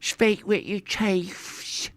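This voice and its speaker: A man's voice: high-pitched, a bit bright, clear, resonant tone, voice pushed up. A man putting on a mock British bloke. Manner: slow, mocking, deliberately mangled British accent. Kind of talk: livestream chat.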